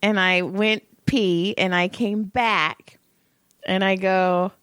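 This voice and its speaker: A woman's voice: mid-range voice, slow, clean tone, no room sound, studio quality. A middle-aged woman co-hosting a podcast, telling stories with lots of swearing and acting out the people she quotes. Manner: profane, animated storytelling with put-on quoted voices. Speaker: podcast co-host. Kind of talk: casual chat.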